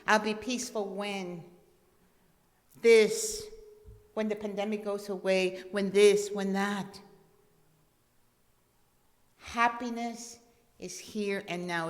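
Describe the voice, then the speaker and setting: Slow-speaking woman minister, echoing hall. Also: medium pitch. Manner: gentle, repeating key words. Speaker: guest minister. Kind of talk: sermon. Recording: long reverb in a church hall.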